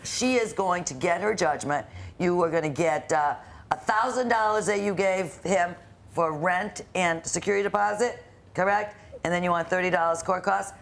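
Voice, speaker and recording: A woman's voice: fairly low pitch, normal speed, vocal fry. A woman presiding as judge on a courtroom show, questioning the parties and scolding the defendant sternly.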